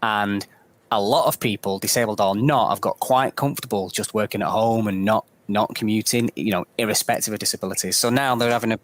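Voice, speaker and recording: A man, a podcast guest, telling stories in a casual chat, often pausing with ums. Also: lowish voice, fairly even intonation. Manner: hesitant, with frequent ums.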